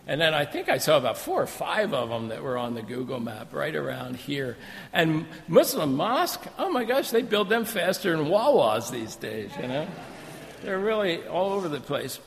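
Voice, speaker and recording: A man preaching a sermon in a church, animated and storytelling with joking asides. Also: high-pitched, gravelly, long reverb tail, a little hiss or hum. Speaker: visiting missionary preacher. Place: church sanctuary.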